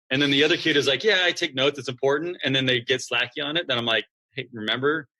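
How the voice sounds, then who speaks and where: A school founder chats casually as a podcast guest, speaking quickly in a mid-range voice with hardly any pauses. He's lively, acting out what students and coaches say.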